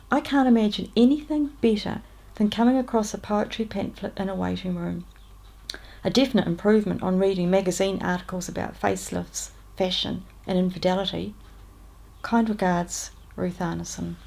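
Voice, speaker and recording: A woman with a New Zealand accent reading aloud her own letters, in a chatty, upbeat way. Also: mid-range voice. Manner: warm, chatty letter-reading with lively lifts on greetings.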